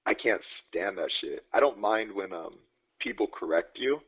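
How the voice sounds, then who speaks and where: A man's voice: fairly low pitch, expressive, a little slow, fairly bright tone, husky. A man co-hosting a podcast in casual chat, telling stories in a laid-back way with swearing and easy laughs. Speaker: podcast co-host. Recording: dull lo-fi podcast audio.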